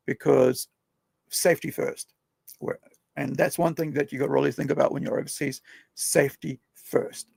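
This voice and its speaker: Gravelly, husky man telling stories. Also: fairly high pitch, a little mellow, dry recording. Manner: rambling, conversational, leans on tag questions. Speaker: podcast host. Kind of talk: casual storytelling chat.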